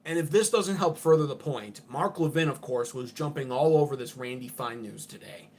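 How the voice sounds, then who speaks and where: A man's voice: medium pitch, normal speed, darkish tone. A man under forty, hosting an unscripted political livestream in an abrasive, profane, ranting way.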